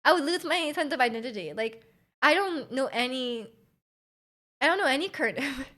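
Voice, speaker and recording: A young woman with a Canadian accent chats loosely with her viewers, her voice pitched slightly high. She rambles, restarts, and trails off, dotting her talk with likes and little laughs. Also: lively intonation, a little fast, bright, forceful tone. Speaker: Twitch streamer. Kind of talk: casual chat with stream chat.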